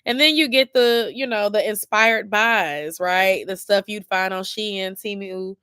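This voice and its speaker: A young lifestyle vlogger chats late at night with her viewers, rambling informally while sleepy and yawning. Her medium-pitched voice is unhurried, pushed and bright with a clear, resonant tone, recorded dry in studio quality.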